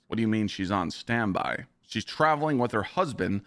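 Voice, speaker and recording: A hoarse man with a fairly low voice chats on a live stream and tells a story in an animated way. The sound is close and dry, with no room echo. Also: normal speed. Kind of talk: casual chat.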